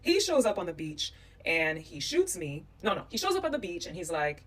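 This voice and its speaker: A woman tells a story from a trip in a lively vlog voice, playing out what people said to her. Her voice sits a little low for a woman. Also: normal speed, recorded from a distance. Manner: animated, acting out quoted voices. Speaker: vlogger recounting a trip.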